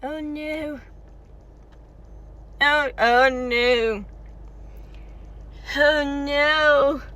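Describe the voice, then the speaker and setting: A woman talking excitedly to her viewers in rambling reaction commentary, recorded inside a car. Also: high-pitched, very slow. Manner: excitable, chatty, talks straight to viewers with frequent restarts. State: tired and warm. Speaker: video creator reacting to a game story.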